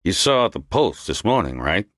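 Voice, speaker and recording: A man voicing an irritable, gruff male police lieutenant who talks bluntly and impatiently. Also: deep voice, sing-song, normal speed, a bit bright, no room sound, studio quality, exaggerated voice. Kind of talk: audiobook character voice.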